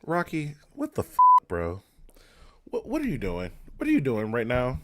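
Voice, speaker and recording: A man's voice: medium pitch, wildly swooping pitch, moderate pace, over music. A young man hosting a movie reaction video, talking to his viewers in casual commentary, exasperated and swearing often.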